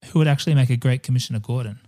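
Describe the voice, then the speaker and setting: Talking very fast in a mellow, medium-pitched voice, a man co-hosts an easygoing movie podcast. He jokes, curses, and keeps veering off on tangents.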